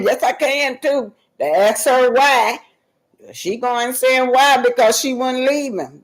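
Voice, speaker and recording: A woman's voice: medium pitch, low-quality recording. A woman hosting a casual live stream, reading viewer comments aloud and talking emphatically and directly to her audience. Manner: emphatic, addresses viewers directly, loose and talkative.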